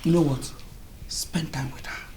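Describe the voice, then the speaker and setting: A middle-aged woman with a Nigerian accent playing a fussy, scheming mother-in-law in a Nollywood film, coaxing and slipping into hushed asides. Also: on the low side, sing-song, moderate pace, a little hiss or hum. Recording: echoey room with crowd murmur.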